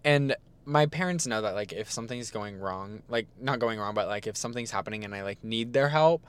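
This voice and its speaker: A young man co-hosting a casual podcast, retelling a story with lots of "like" fillers and animated asides. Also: fairly low pitch, brisk, clear, resonant tone. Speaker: podcast co-host.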